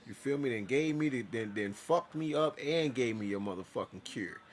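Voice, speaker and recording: A man's voice: medium pitch, animated, moderate pace, a little hiss or hum. A man telling his own story in a casual, profane monologue, acting out his side of conversations.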